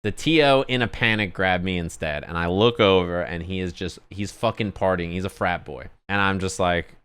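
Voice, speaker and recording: A man telling a story casually on a stream, animated and profane, with lots of asides. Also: deep voice, normal speed, clear, resonant tone. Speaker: streamer and commentator.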